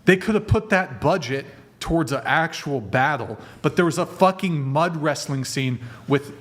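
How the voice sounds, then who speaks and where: Swearing, animated male stream host. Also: on the high side, normal speed. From Italian heritage. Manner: heavy swearing, animated ranting with frequent laughs. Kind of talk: casual live stream rant.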